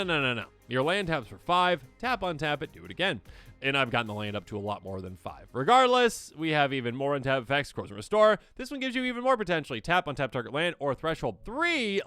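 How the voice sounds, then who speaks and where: Excitable man with lively, bright voice. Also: clean tone, no room sound. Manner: excitable, acts out players' reactions in squeaky voices. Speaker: host. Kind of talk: enthusiastic card game deck overview.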